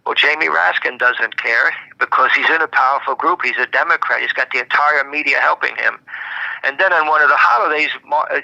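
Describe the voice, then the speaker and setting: A man rambles through an indignant political monologue on a live show. His voice is gravelly with a hard, bright edge, and he keeps repeating and restarting phrases. The sound is dull and lo-fi, with no room echo. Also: fairly high pitch. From Brooklyn, New York.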